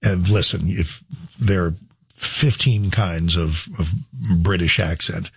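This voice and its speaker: A man's voice: low voice, takes it slowly, gravelly, husky, no room sound, clean studio sound. A middle-aged man hosting a talk show, rambling through a casual monologue with many restarts and asides.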